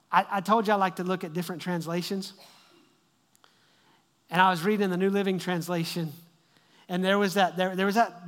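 A man with a high voice preaches a sermon, repeating his phrases as he builds and dropping from loud to hushed. His words ring out with the long reverb of a large church hall. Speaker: pastor.

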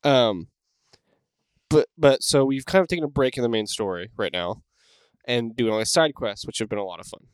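A man's voice: medium pitch, normal speed, smooth, dry recording. A man co-hosting a casual podcast from home, talking in a rambling, easygoing way with many fillers. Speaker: podcast co-host. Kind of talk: casual chat. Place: home room.

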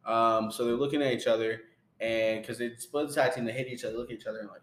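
A man's voice: mid-range voice, fairly even intonation, fast, fairly bright tone. A young man with a mid-range voice talks through a wrestling match move by move, rambling and filling gaps with ums and uhs. He sounds like he is in a roomy space with noticeable echo. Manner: rambling play-by-play, many fillers and laughs. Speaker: podcast co-host recapping wrestling. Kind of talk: casual chat.

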